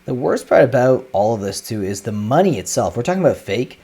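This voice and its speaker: A man hosting a reaction video, talking in a relaxed, offhand, conversational way. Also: mid-range voice, a little fast, breathy edge. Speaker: host reacting to clips. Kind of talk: casual commentary.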